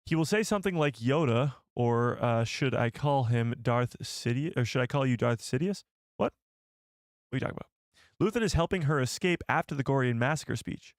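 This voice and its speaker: A young man hosting a live stream in a loose, jokey way, thinking aloud and reading out comments from his chat. His voice sits at an ordinary middle pitch. It is recorded dry and close, with almost no room sound. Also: expressive, brisk, no room sound.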